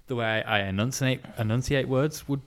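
A young man with a light Birmingham accent co-hosts a casual podcast. He talks in a chatty, self-deprecating way at a middling pitch. He often stumbles and restarts his sentences. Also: moderate pace. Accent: light Birmingham English. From Birmingham, England. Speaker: podcast co-host. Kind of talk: casual chat.

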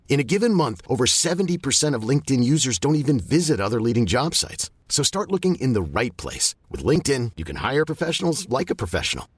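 A man's voice: mid-range voice, slightly rough, dry recording. A man voicing a scripted advertisement in a punchy announcer style.

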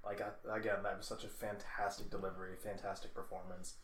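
A man co-hosting a podcast, telling stories in a casual, animated way. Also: lowish voice, fast, slight background noise. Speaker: podcast co-host. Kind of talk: casual chat. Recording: roomy echo.

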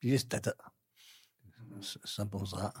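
An older Scottish man, a grandfather, talking casually in a halting, plain-spoken way. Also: on the low side, slightly rough. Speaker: podcast guest, grandfather. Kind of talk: casual chat.

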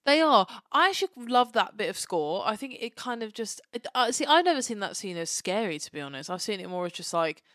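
A woman's voice: medium pitch, very animated, brisk, few pauses, fairly bright tone, no room sound. A woman co-hosting a podcast in casual chat, frank and chatty with dry asides. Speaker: podcast co-host.

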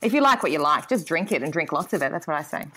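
A woman's voice: sits low, big pitch swings, quick pace, pushed and bright, a little hiss or hum. A woman, a guest actor chatting casually and self-deprecatingly, with many fillers. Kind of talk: casual chat.

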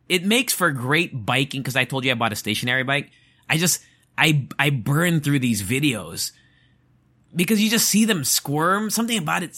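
Bright-voiced man in a rambling chat. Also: mid-range voice. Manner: rambling, with frequent restarts; animated and incredulous. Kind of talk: casual monologue.

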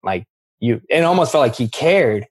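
Husky-voiced man telling a raw story. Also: medium pitch, big pitch swings, moderate pace. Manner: emphatic, says "bro" often, many restarts. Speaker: guest sharing his recovery story. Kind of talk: candid personal storytelling.

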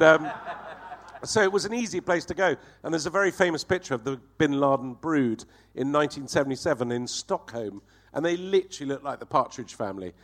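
A fairly high-pitched man is a guest on a talk show, spinning a profane and animated funny story. He performs the voices of the people in it.

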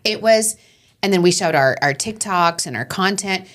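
A woman co-hosting a podcast with a Long Island accent, telling stories in an animated, laughing way. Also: on the low side, normal speed. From Long Island, New York. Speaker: podcast co-host. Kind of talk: casual chat.

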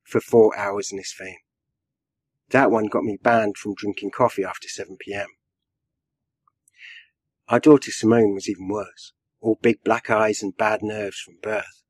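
A man's voice: lowish voice, flat delivery, no echo. Man reading his own fiction, dry. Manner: measured storytelling with dry wit. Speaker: writer and guest.

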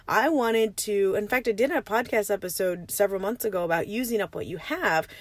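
A woman in her thirties with a raspy just-woken voice, hosting a casual solo podcast from a parked van, rambling and chatty with frequent laughs. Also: mid-range voice, dry recording. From Arizona, USA. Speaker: podcast host.

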